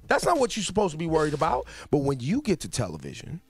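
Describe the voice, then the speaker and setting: A male radio host with a fairly high, lively voice that swings up and down as he teases. He talks in a loose, joking banter style, with a music bed under him in the studio. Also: fast, breathy edge, no echo. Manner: playful, teasing, animated. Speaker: radio morning show host. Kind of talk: casual banter interview.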